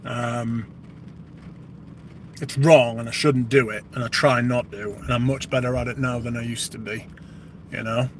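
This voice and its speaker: A man's voice: medium pitch, fairly even intonation, moderate pace, pauses often, a little hiss or hum. A British man hosting a livestream, chatting casually and rambling with plenty of swearing. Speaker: livestream host. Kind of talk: casual live chat.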